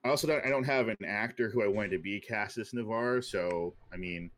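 A man's voice: fairly low pitch, brisk, a bit bright. A man co-hosting a podcast who talks in a casual, rambling way, with many fillers and restarts. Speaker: podcast co-host. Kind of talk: casual chat.

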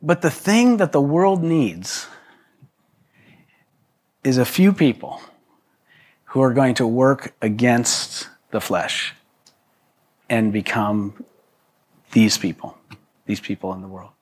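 A man's voice: medium pitch, takes it slowly, long pauses, a little mellow. A man preaching to a congregation in a loose, conversational way, with joking asides and frequent restarts. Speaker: pastor. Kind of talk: conversational sermon.

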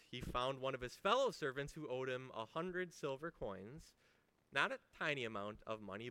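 Bright-voiced man preaching conversationally. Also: medium pitch, dry recording. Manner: conversational, emphatic, rhetorical questions. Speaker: pastor. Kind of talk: sermon.

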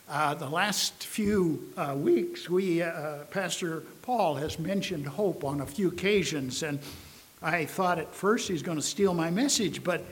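Man, preacher, sermon, unhurried emphatic delivery, slightly high-pitched. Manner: slow, emphatic, with many pauses and fillers.

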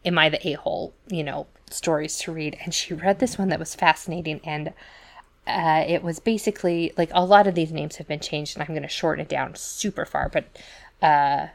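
A woman's voice: low voice, moderate pace, vocal fry. A woman co-hosting a podcast, retelling stories in casual chat with lots of fillers and asides, acting out the quoted voices. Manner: chatty storytelling full of fillers and asides. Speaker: podcast co-host.

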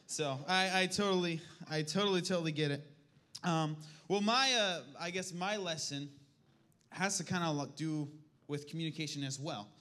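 A man's voice: on the high side, moderate pace, sharp tone. A man in his thirties speaking at church, candid and self-mocking as he opens a talk about his children. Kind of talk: personal teaching talk.

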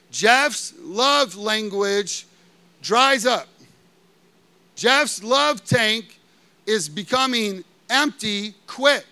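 A man's voice: high voice, sharp tone. A man preaching a sermon, telling personal stories in a conversational way with lots of filler words and questions to the audience. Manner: conversational storytelling with frequent "like" fillers.

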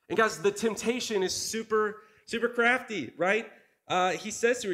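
A man's voice: high voice, normal speed, bright, forceful tone. A man in his thirties giving a sermon in a conversational, earnest way, often asking the congregation questions. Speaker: part-time preacher.

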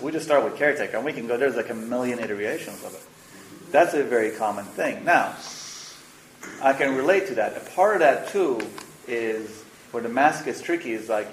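A man leading a spiritual workshop, talking frankly and casually, with slang and the odd curse word. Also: mid-range voice. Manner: frank, animated, mixes slang and swearing. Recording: roomy echo, faint noise.

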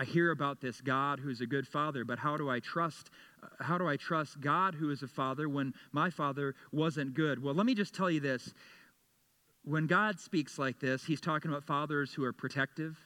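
Middle-aged male pastor, slightly high, bright voice; earnest sermon delivery with frequent word repeats. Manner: earnest, repeats words when building a point.

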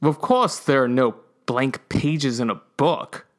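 A man voicing a bossy young woman adventurer, slow and matter-of-fact. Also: mid-range voice, lightly acted. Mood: insistent.

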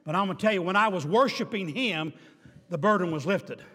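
An older man preaching a sermon as pastor, swinging between emphatic declarations and quiet asides with dry humor. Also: high voice, a little fast, breathy edge. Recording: reverberant hall.

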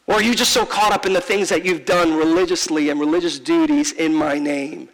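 A man preaching a sermon to a congregation, animated and acting out little scenes in different voices. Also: a little high, fairly quick, hardly any pauses, big-room sound, rough recording. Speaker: pastor. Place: large room with a congregation.

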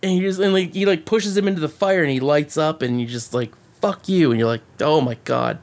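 A man co-hosting a podcast, chatting casually and excitedly about a movie, swearing and rambling with many restarts. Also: on the high side, fast. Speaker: podcast co-host.

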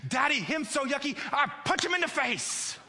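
A man's voice: very high voice, very animated, moderate pace, bright, forceful tone, pitched above the performer's own voice, exaggerated voice. A man voicing a worked-up three-year-old girl who talks in indignant baby talk. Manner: baby talk, lisping childish grammar. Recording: long hall reverb.

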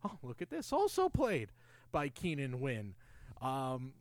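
Lively, animated male podcast co-host. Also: mid-range voice, a little slow, dry recording. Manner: enthusiastic, recaps plot and trivia. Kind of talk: casual film discussion.

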